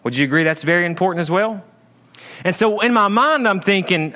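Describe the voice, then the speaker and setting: Lively preaching man, higher pitch. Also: fairly quick. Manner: lively, swings between raised emphatic lines and low asides. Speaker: pastor. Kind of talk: sermon. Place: church.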